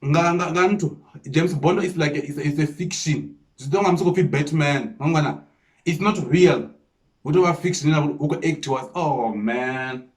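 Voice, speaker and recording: A South African man reacting to a freestyle, explaining the lyrics line by line and repeating himself with excited disbelief. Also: on the high side, normal speed. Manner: repeats 'come on, man' with disbelief. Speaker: music reaction host. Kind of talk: casual reaction commentary.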